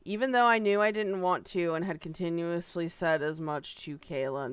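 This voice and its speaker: A woman's voice: on the low side, moderate pace, hardly any pauses, clean tone, dry recording. A woman streamer giving casual reaction commentary, exasperated and profane, sighing often.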